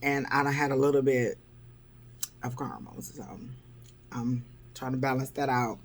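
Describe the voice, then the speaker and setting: A woman's voice: very deep voice, little pitch movement, moderate pace. A woman vlogger telling dating stories in a wry, blunt, exasperated way. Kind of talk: casual storytelling vlog.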